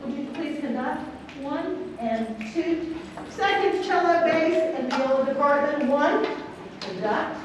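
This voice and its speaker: Coaching a string orchestra through rehearsal, a woman clinician counts beats aloud, sings counts and quizzes the players in a high-pitched, slightly slow voice. The echoey hall is a large convention rehearsal space, captured from far away with background noise.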